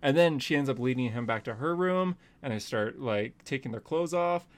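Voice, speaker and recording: A man hosting a casual podcast, retelling a comic plot with animated laughs. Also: medium pitch, normal speed. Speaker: podcast host. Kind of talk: casual comic book chat.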